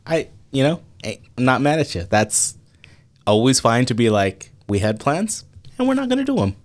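A man co-hosting a sports podcast, opening the episode in an easygoing, relaxed way and laughing often. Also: mid-range voice, normal speed. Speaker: podcast co-host. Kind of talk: casual podcast chat.

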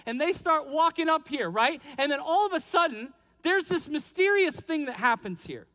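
Guy preaching in a big echoey hall, really high bright voice, acts out the characters. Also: normal speed. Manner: animated storytelling, acting out biblical characters. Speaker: pastor. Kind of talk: sermon.

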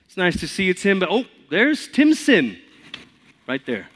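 A man's voice: high voice, huge pitch swings, measured pace, a bit bright, in a large hall, pitched above the performer's own voice, full character voice. A man voicing God as a polite but fussy greeter, mock-polite and sing-song. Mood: teasing.

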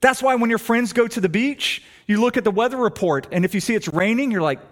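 A middle-aged man, preaching a sermon and telling stories, swinging between hushed and emphatic delivery. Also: extremely high pitch, fast talker. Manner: animated storytelling, shifts between hushed and emphatic. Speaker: pastor.

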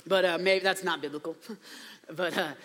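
A high-voiced man preaches a casual, storytelling sermon in a chatty way, full of playful asides. His voice is bright and sharp. It rings with a long reverb, as in a large hall. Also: steady tone, normal speed.

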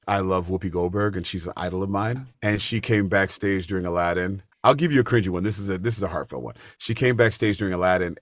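A middle-aged man, a stage actor, telling lively stories in a casual chat, with big jumps in pitch when he quotes people. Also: no room sound, studio quality. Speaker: guest, Broadway actor.

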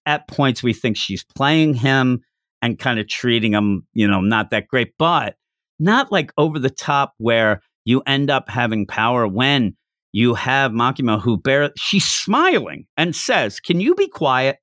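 A man talks through a manga chapter with a co-host in easy, casual chat. His pitch swoops and leaps as he slips into quick voices for the characters. The recording is close and dry, with no room sound. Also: no room sound. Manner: animated, acts out character lines in quick voices. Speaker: podcast co-host.

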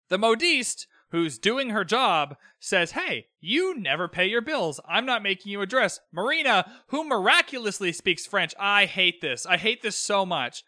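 Bright, high-voiced man ranting casually. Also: no echo, studio quality. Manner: opinionated, exasperated, rambling with asides. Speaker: podcast host recapping a TV episode. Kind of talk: casual solo recap podcast.

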